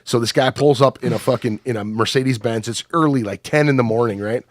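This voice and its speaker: A man's voice: mid-range voice, quick pace, dry recording, studio quality. Profane rambling storyteller man. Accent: Upper Midwest American. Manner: profane, rambling anecdotes full of fillers. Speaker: podcast guest. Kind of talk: casual storytelling.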